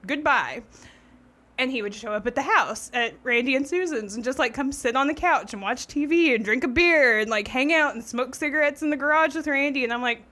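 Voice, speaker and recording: A woman, co-hosting a podcast and telling a story in casual chat, animated and laughing. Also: sits high, fairly quick. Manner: animated, laughing, swearing freely. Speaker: podcast co-host.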